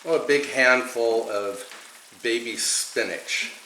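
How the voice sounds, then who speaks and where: Male cooking host, bright and chatty, slow delivery, recorded in a roomy kitchen. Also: medium pitch, a little hiss or hum. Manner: chatty, enthusiastic, talks through each step. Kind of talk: home cooking demonstration. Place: home kitchen.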